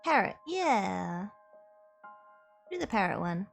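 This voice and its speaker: A woman streamer who chats casually, thinks aloud and muses in an unhurried way. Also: medium pitch, vocal fry, faint music behind. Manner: musing, relaxed and unhurried.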